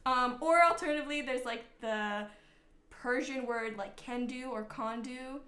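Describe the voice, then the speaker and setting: A woman's voice: high-pitched, measured pace, pushed and bright. A young woman co-hosting a casual comedic history podcast, acting out historical figures in silly voices. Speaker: podcast co-host. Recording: echoey room.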